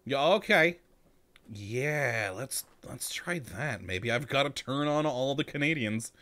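A man commenting as he plays a game, chatty and easily amused, laughing between his lines. His pitch is lively and swings up high whenever something surprises him, from a mid register that sits right in the middle for a man. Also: takes it slowly. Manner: chatty, amused, laughs often and talks to himself. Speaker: gaming channel host. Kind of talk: casual let's-play commentary.

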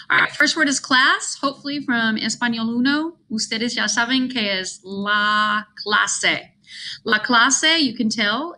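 A chatty woman teaches a recorded Spanish vocabulary lesson, slowing down to model words and tossing in self-deprecating asides. Her voice is bright and crisp, set at a middle pitch for a woman. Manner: switches between English and Spanish, spelling out words slowly.

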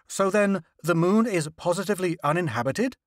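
A man voicing a brisk, imperious newspaper magnate. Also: high voice, animated, no echo, studio quality, pitched above the performer's own voice. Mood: brisk, demanding. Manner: brisk, demanding, impatient questions.

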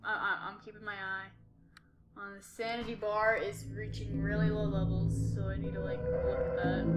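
A woman's voice: medium pitch, flat delivery, normal speed, reverberant, over music. A woman giving jumpy commentary while playing a horror game, talking to herself and repeating short exclamations. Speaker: gameplay streamer.

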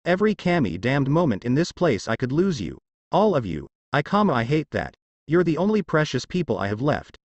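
A man's voice: on the high side, sing-song, brisk, no echo, highs cut off. A man voicing a determined, emotional teenage boy ninja who speaks earnestly. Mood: desperate. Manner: earnest, pleading.

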